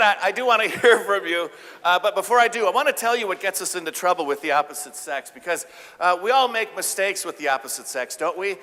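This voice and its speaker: A man giving a live keynote talk, playful and joking, getting the audience to shout out answers. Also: on the high side. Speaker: keynote speaker. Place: large event hall with audience. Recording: live hall with reverb.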